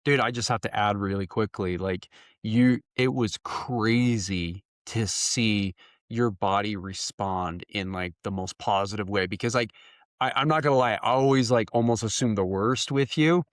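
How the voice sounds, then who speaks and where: A man hosting a podcast in casual interview chat, excitable and laughing a lot as he talks in quick bursts. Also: lowish voice, dry recording, studio quality. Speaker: podcast host.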